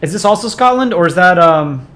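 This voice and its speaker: A man's voice: high-pitched, animated, a little fast, a bit bright. A man streaming live, chatting casually as he reviews fan art, rambling with frequent ums. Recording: echoey room with background noise.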